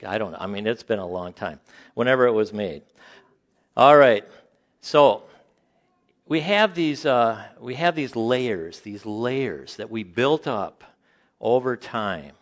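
A man preaching a sermon to a congregation, conversational and halting, with frequent fillers and joking asides. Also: medium pitch. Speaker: pastor.

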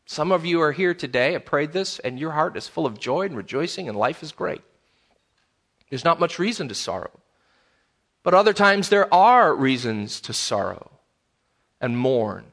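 A man's voice: fairly high pitch, animated, normal speed, a bit bright. A man, a pastor, preaching a sermon in a conversational way, repeating key phrases for emphasis.

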